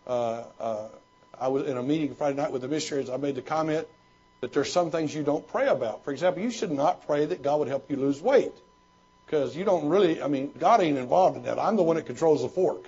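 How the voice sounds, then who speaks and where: Pastor type, male, slightly high gravelly voice, husky, homespun rambling delivery, dull recording. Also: a little fast, dark tone. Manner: folksy storytelling with frequent restarts. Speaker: pastor and former missionary. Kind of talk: question-and-answer talk.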